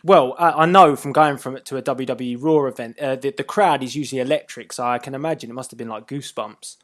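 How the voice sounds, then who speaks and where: A man's voice: mid-range voice, fast talker. A man hosting a casual interview, eager and enthusiastic with his guest. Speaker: interview host.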